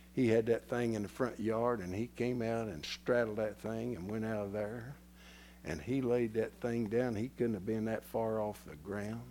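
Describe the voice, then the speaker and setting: A male preacher telling a story in a sermon, folksy and direct with his listeners, dropping to hushed whispers and rising to loud impassioned preaching. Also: lowish voice, slight background noise.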